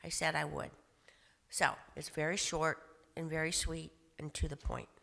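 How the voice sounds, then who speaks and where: A woman with a cold leading a short prayer at a club meeting, speaking in a near monotone. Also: low-pitched, normal speed, gravelly. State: has a cold. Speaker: invocation leader. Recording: echoey hall.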